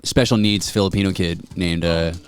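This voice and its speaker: A young man co-hosting a podcast, chatting casually and telling funny stories in an animated way. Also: sits low, clean tone. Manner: fast animated storytelling. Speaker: podcast co-host. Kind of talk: casual comedic chat.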